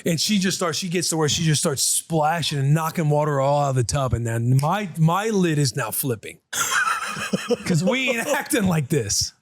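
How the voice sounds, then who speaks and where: Candid dad telling a story, dry mic. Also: male voice, on the high side, lively intonation, moderate pace, dry recording. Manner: candid storytelling, acts out family dialogue. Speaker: podcast co-host, former pro football player. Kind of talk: casual podcast chat.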